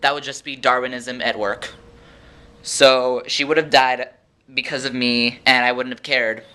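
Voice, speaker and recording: A man's voice: mid-range voice, little pitch movement, a little slow, pushed and bright, clear, resonant tone. A teenage boy ranting in a sarcastic, exasperated vlog monologue at home. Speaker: vlogger.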